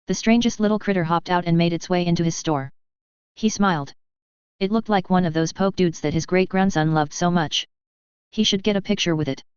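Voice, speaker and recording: A woman's voice: on the low side, smooth, no echo. A woman reading a comedic science-fiction story aloud, voicing the characters and their howls herself. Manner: reads dialogue with small voice shifts, howls aloud. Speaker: narrator. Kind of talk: comedic sci-fi story narration. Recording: dull lo-fi dry recording.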